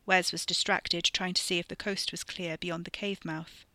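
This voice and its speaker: A woman podcast storyteller reading dark scripted fiction in a measured, even way. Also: lowish voice, dry recording.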